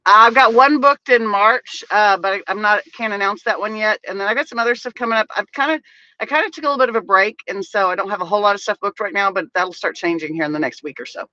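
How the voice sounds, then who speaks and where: A woman comedian chats on a podcast with a self-mocking, jokey manner. Her voice is bright and forceful. It sounds dry and a little muffled. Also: mid-range voice, fast, no echo. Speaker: comedian guest. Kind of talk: casual podcast chat.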